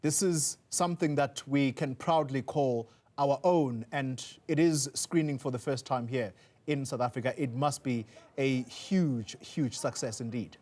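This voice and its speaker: A male news anchor introducing a live report, speaking in a measured, conversational way. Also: mid-range voice, a little mellow. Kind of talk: studio news presenting.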